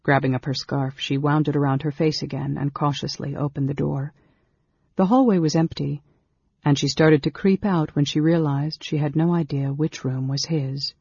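A narrator reads a novel aloud in a husky, breathy voice, measured and steady. The sound is dull and completely dry. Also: medium pitch, dry recording. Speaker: audiobook narrator.

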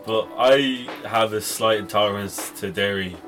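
A man's voice: on the low side, normal speed, music in the background. A young man with an Irish accent, telling a story in casual chat with lots of swearing and laughing at himself. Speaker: podcast co-host.

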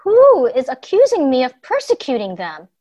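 A woman's voice: high voice, huge pitch swings, normal speed, dark tone, muffled recording, heavily acted. A woman voicing Saul, a startled young man asking urgent, bewildered questions in a children's Bible story.

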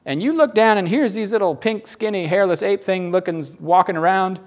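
A man with a Southern US accent preaching a sermon, animated and folksy, acting out little voices and jokes. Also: high voice, fairly quick. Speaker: pastor.

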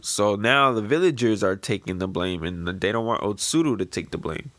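A man casually reviewing a manga chapter, rambling in a relaxed way. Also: on the low side, moderate pace. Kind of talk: casual chat.

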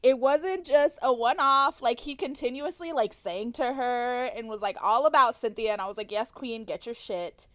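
High-voiced young woman, playful storyteller. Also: normal speed, few pauses, a bit bright. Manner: playful, dramatic, acts out quotes. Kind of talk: casual storytelling chat.

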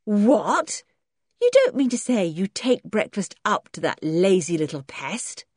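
A woman reading an audiobook and voicing a cheeky, outspoken schoolboy who talks briskly and teases. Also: mid-range voice, big pitch swings, no room sound, studio quality, pitched above the performer's own voice, lightly acted. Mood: teasing. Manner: brisk, teasing.

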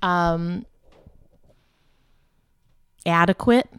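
Woman co-host, lower voice, goofy quick wit, dry close-miked sound. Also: fairly bright tone, smooth, no echo. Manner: jokey, quick with silly wordplay. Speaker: podcast co-host. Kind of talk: casual podcast chat.

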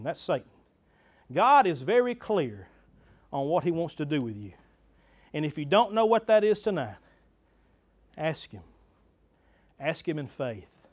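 A man's voice: a little high, slightly rough. A man preaching a sermon to his church, earnest and building to fervent emphasis, with stammered restarts. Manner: repeats himself and stammers on restarts.

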